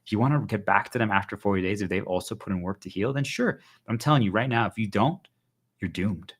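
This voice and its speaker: Fast-talking, urgent male streamer. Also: lowish voice, slightly rough. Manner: urgent, insistent, repeats phrases for emphasis. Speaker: livestreamer. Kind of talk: motivational monologue to viewers.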